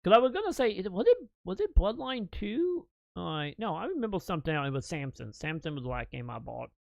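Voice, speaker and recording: A man's voice: high-pitched, very animated, fast, gravelly, a little mellow, no echo, dull audio. A man in his thirties, a streamer telling a long story to his chat in casual, profane and rambling talk, laughing now and then.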